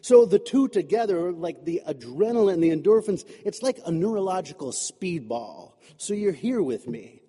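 A man's voice: sits high, very animated, normal speed, hardly any pauses, warm tone, husky. A man preaching a sermon in a loose, chatty way, joking often and leaning on "you know". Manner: chatty and humorous, many fillers like "you know". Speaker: pastor. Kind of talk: conversational sermon. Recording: echoey hall.

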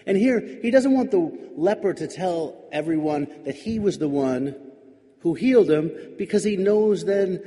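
A man's voice: high voice, expressive, a little slow, mellow. A male pastor giving a reflective sermon, musing aloud with wry, questioning asides. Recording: long hall reverb.

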